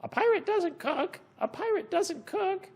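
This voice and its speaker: A man squawking as a shrill repeating parrot. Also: big pitch swings, unhurried, big-room sound, heavily acted. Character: chattering pet parrot that repeats everything.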